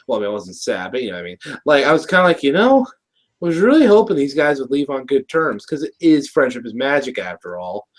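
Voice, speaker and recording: A man co-hosting a casual review show, recapping an episode in a rambling way with lots of restarts and laughs. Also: mid-range voice. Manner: rambling, many restarts, laughs while talking. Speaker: show co-host.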